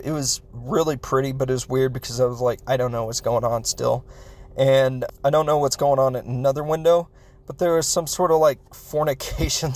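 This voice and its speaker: A man's voice: fairly high pitch, a little mellow. A man hosting a podcast, recapping a film in a rambling, self-interrupting way and laughing as he talks. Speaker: podcast host reviewing a film. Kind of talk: casual comedic film recap.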